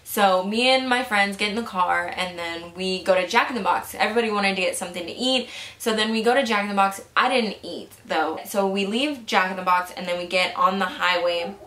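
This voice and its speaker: Chatty young woman with a bright voice. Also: medium pitch, fairly quick. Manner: chatty, swears freely, many "like" fillers. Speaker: vlogger. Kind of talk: casual storytime narration. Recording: echoey room.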